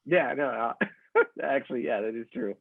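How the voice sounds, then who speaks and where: Easygoing host on a tinny call. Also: male voice, mid-range voice, moderate pace, creaky, husky, no room sound. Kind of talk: interview chat. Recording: tinny dry call audio.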